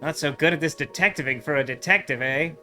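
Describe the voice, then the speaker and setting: A man voicing a rude, grumpy male motel manager from a pixel-art adventure game, with gruff, slangy, sarcastic talk. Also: a little high, fast, bright, forceful tone, faint music behind. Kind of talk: let's play voicing of game text.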